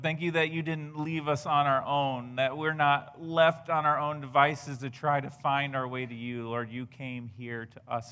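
A man's voice: mid-range voice, bright, forceful tone, smooth. A man, a co-host, speaking in a conversational sermon and leading a closing prayer. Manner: enthusiastic, chiming in.

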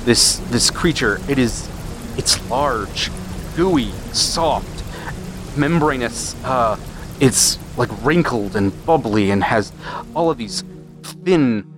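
A man running a tabletop role-playing game as game master, narrating in a halting way with repeated words. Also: medium pitch, animated, background noise.

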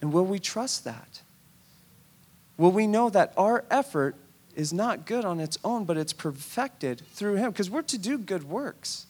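A male pastor preaching a conversational sermon, retelling a scripture story in an animated, storytelling way. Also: high voice, measured pace, slightly rough.

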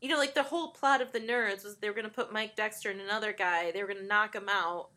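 Bright, chatty young-sounding woman. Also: medium pitch, fast talker. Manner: chatty, laughs often, animated when quoting characters. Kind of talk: casual chat about a film.

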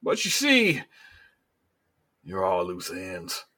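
A man voicing a ruthless male governor who delivers slow, menacing speeches. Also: sits low, wildly swooping pitch, sharp tone, heavily acted.

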